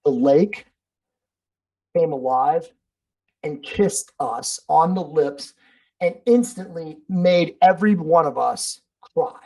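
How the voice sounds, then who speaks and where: A man speaking as a podcast guest in casual interview talk. He is emphatic and blunt, swears freely and tosses in "bro" and "dude". His delivery stays forceful and direct. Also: a little high, slow pace, poor audio.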